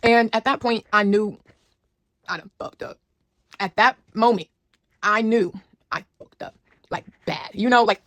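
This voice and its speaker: A young woman casually telling a wild personal story to her viewers, animated and slangy. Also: mid-range voice, no room sound. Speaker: storyteller vlogger.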